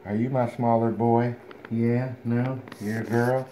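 A man's voice: mid-range voice, flat delivery, measured pace, warm tone, slight background noise. A man breeding dogs, talking casually to puppies on a home video and cooing at them playfully, sometimes in a whisper. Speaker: dog breeder. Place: indoor room at home.

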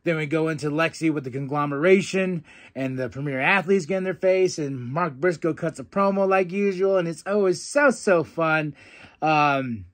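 A young man with a slightly high voice runs through a wrestling show in a loose, chatty recap. He jumps into excited voices to mimic the wrestlers and laughs easily. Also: normal speed. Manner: animated, quotes wrestlers in excited put-on voices, laughs often. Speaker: podcast host.

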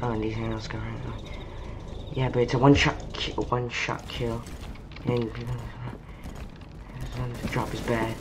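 A woman playing an online shooter game, chatting casually with slow, mumbly, sarcastic banter. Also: very deep voice, background noise. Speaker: gamer streamer. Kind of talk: casual gaming commentary. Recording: keyboard typing and mouse clicks behind.

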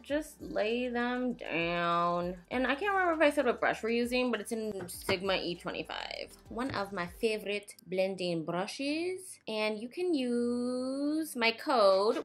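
A woman's voice: mid-range voice, fairly bright tone. Chatty self-mocking young woman vlogger. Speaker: beauty vlogger. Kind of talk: casual makeup tutorial chat.

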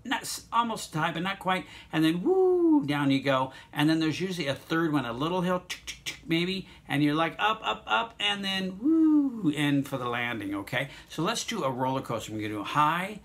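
A man teaching an online music lesson, encouraging students and walking them through note names and vocal warm-ups. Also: fairly high pitch, animated, a little fast, few pauses.

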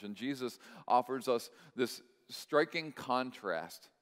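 A male pastor preaching a sermon, telling a story and checking in with the congregation, moving between hushed moments and impassioned, louder stretches. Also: lowish voice, a little slow, pauses often. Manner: swings from hushed to loud, impassioned. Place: church sanctuary. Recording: long reverb of a large hall.

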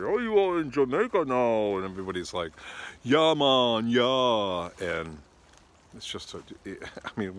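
Brief: casual, exasperated male storyteller, slightly low voice, loose and rambling. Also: a bit bright.

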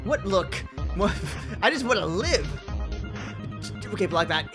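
Excitable young man playing a game. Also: sits high, takes it slowly, pauses often. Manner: excitable, joking, swears in bursts. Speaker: gaming video creator. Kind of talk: let's play commentary. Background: music.

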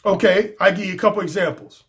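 A man's voice: high-pitched, fairly even intonation, fast. A man speaking as a dating coach in a casual video monologue, emphatic and slangy, often repeating his key phrases.

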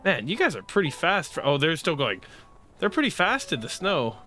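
A young man doing let's play commentary, excitable and sarcastic, pleading and shouting at the game as he plays. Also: a little high, normal speed, soft background music. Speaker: gaming YouTuber.

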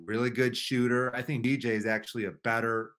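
Bright-voiced male podcast analyst. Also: mid-range voice, flat delivery, a little fast. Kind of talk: casual sports podcast chat.

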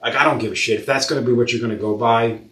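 A man telling shop stories in casual chat, profane and animated, acting out both sides of each argument. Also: mid-range voice, rapid-fire, echoey room, distant mic. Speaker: podcast host, tattoo shop owner.

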